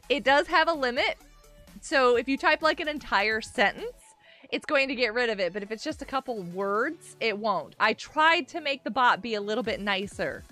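A woman's voice: fairly high pitch, pushed and bright. A young woman hosting a casual gaming livestream, chatting to her viewers and laughing often. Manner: bubbly, chatty, laughs often, talks to chat. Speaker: livestream host.

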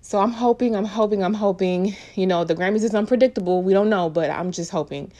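A woman's voice: medium pitch, a little fast, mellow. A woman giving casual, opinionated live reaction commentary on an awards show, chatty and full of slang.

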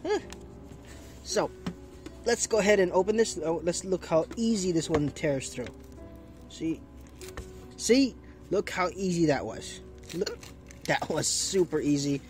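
A man with the hiccups doing chatty, easily delighted commentary while opening trading card packs and thinking aloud. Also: fairly high pitch. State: has the hiccups. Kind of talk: casual unboxing commentary.

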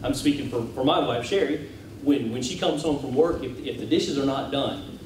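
Halting man telling a class story. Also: mid-range voice. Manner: halting, repeats words, chuckles. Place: church classroom. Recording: echoey room, distant mic, audible background hiss.

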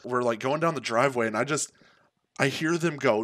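A man's voice: medium pitch, moderate pace, a bit bright, no room sound. Young man telling a slangy story, dry. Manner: laid-back, profane, slangy, filler-heavy. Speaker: streamer. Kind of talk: casual storytelling.

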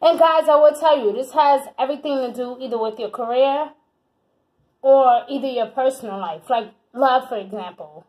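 A woman giving a casual tarot reading, animated and chatty, who swears freely and calls the listener honey and baby. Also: high voice, normal speed, low-quality recording. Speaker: tarot reader.

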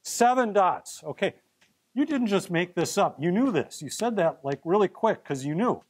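Middle-aged male chemistry professor with a high voice, playful and theatrical, lecturing a live class. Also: lively intonation, normal speed, husky. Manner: playful, theatrical, coaxing students up as volunteers.

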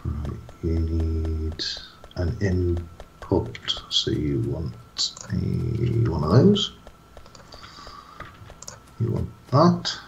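A man's voice: a bass voice, animated, very slow, pauses often, a little mellow, lo-fi sound, a little hiss or hum. A man chatting casually and playfully while playing a co-op game. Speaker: co-op game player. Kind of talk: casual gaming chat.

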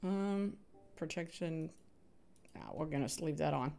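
A woman's voice: deep voice, unhurried, gravelly, dark tone, faint music behind. A woman streaming a game live, chatting with viewers, cheering on other players and humming little sound effects as she plays. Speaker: gaming streamer. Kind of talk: live Minecraft stream commentary.

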